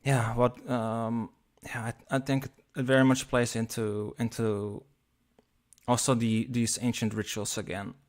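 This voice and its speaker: Male discussion guest, middle pitch, thoughtful and halting. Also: little pitch movement. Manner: halting, many fillers and restarts. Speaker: round-table guest. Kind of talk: casual round-table chat.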